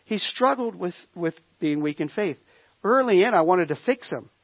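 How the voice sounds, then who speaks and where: A man's voice: high voice, animated, normal speed, creaky, no echo, lo-fi sound. A man preaching a sermon, telling a personal story in a conversational way with many restarts. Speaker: pastor.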